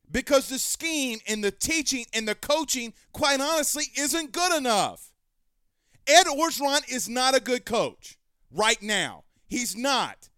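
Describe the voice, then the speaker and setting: A man hosting a sports talk show, ranting heatedly and raising his voice to shouts. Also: extremely high pitch, lively intonation, a little slow, clear, resonant tone, no room sound. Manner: fiery, ranting, raises voice to shouting. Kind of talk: heated sports commentary rant.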